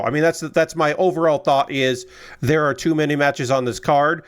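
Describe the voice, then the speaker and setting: A man's voice: mid-range voice, moderate pace, a bit bright, clean tone. A young man chatting casually on a stream, rambling and exasperated, swearing freely and firing off repeated questions. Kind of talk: casual chat while building a model kit.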